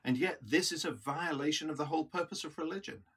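A man's voice: on the high side, fast, a bit bright, breathy edge. A man preaching a reflective sermon in an earnest, teaching manner.

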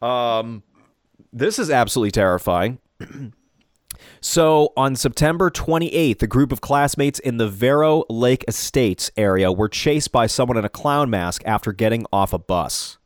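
A man's voice: mid-range voice, expressive, measured pace, studio quality. Guy running the podcast segment, reads stories out, voice moves around a lot, no room echo. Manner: leads the segment, reads news items aloud. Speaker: podcast co-host. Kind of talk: casual comedic chat.

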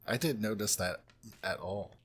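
A man's voice: lowish voice, a bit bright, husky. A man from the United States in casual film-review chat, swearing and often breaking off with "like". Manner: sweary, halting, lots of "like". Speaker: podcast co-host.

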